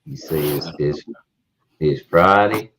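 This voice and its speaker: A man's voice: rumbling low, takes it slowly, a bit bright. A man hosting a live stream, chatting casually and telling loose, rambling stories. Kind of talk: casual chat. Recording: dull lo-fi stream audio.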